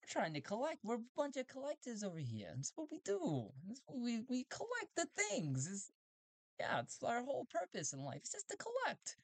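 A man doing a squeaky, eager collector robot. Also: huge pitch swings, brisk, creaky, no room sound, full character voice. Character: strange excitable male collector robot. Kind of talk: solo tabletop role-play.

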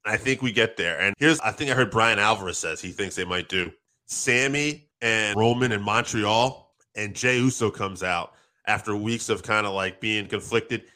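A man gives a lively play-by-play recap, piling on details and dropping curses as he goes. His voice is low, with a forceful, bright edge. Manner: excited, quick storytelling with acted quotes and profanity. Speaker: wrestling show co-host. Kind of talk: casual recap commentary.

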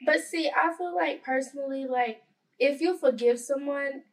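A woman's voice: sits high, normal speed, recorded from a distance, rough recording. Earnest young-sounding woman, podcast chat. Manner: heavy use of "like", earnest. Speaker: podcast co-host. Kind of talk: casual chat.

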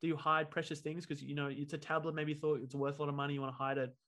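A quick, rapid-fire man with a fairly high voice, guesting on a podcast as a comedian. He tells his story in an animated way and slips into the voices of the people he quotes.

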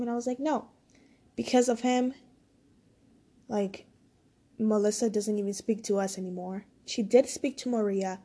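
Mellow, husky-voiced woman telling a story. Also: mid-range voice. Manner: rambling, full of "like" and "I was like" quotes. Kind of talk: casual storytime monologue.

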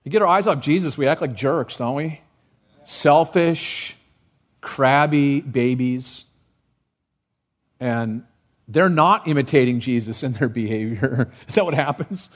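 A man preaching a sermon to his congregation, animated, rising in pitch for emphasis and asking rhetorical questions. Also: a little slow, long pauses. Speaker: pastor.

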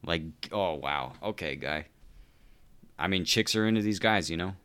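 A man's voice: low-pitched, normal speed, sharp tone, clean tone. A man hosting a podcast, ranting sarcastically and with exasperation, swearing constantly and calling people "dude". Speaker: podcast host. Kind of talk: profane comedic rant.

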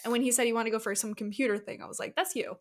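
A woman's voice: on the high side, fairly even intonation, racing. A woman podcast guest in casual chat, retelling scenes and acting out the characters' lines playfully. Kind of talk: casual movie discussion.

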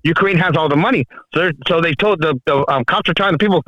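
Fast, bright-voiced joking man. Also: fairly high pitch, no room sound, highs cut off. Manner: rambling, joking, many restarts. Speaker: podcast co-host calling in from the road. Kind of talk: casual podcast banter.

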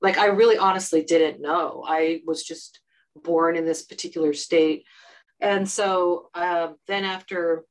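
Woman, middle-aged, low-pitched, frank, emphatic, interview guest. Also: steady tone, a little slow, rough recording. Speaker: podcast guest. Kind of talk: candid interview conversation.

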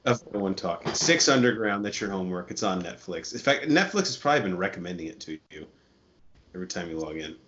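A man's voice: low-pitched, expressive, quick pace, fairly bright tone, slight background noise. A man co-hosting a podcast in casual chat, handing out movie recommendations in a wry, bossy, sarcastic way. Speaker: podcast co-host. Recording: muffled lo-fi podcast audio.

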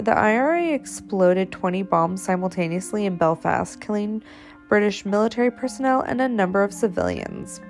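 A woman with a mid-range voice and a gravelly edge hosts a history podcast, reading her script in a friendly, casual way. Soft music plays faintly behind her. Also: mid-range voice. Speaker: podcast host.

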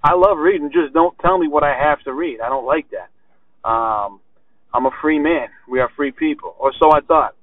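A man's voice: on the high side, normal speed, no echo, phone-quality sound. A man who is a barber hosting his own podcast, ranting bluntly with swearing and rhetorical questions. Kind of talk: solo podcast rant.

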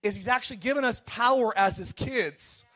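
A male pastor in middle age delivers a sermon in a high, bright-sitting voice. He tells family stories with lively energy and keeps drawing the congregation in with calls to respond. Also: brisk. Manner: animated storytelling, calls to the congregation.

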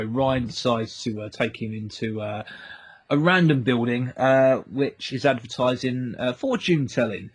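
A man's voice: mid-range voice, slightly rough. A man, co-hosting a casual recap chat, rambling and laughing as he retells scenes. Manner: rambling, laughs often, acts out quotes. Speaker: podcast co-host recapping an episode.

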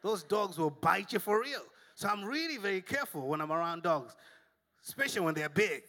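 A pastor who grew up in Africa preaching a sermon, telling lively stories and then dropping to soft, hushed tones. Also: male voice, sits high, moderate pace. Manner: animated storytelling, swinging to soft and hushed.

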